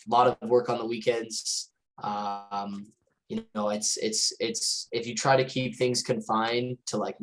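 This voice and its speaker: Man, low voice, student leader, casual and candid, lots of ums and uhs. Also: rough recording. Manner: candid, self-deprecating, many fillers. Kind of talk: casual panel answer.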